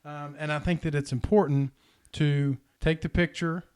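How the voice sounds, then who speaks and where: A man telling a heartfelt personal story in a casual podcast chat, earnest and animated. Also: a little high, moderate pace, clean tone. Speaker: podcast host.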